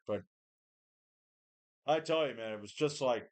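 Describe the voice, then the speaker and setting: A man's voice: medium pitch, normal speed, pauses often, a bit bright. Tired, rambling, profane man. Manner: rambling, profane, repeats and restarts. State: tired, run down. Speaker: home gym vlogger. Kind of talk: casual rant to camera.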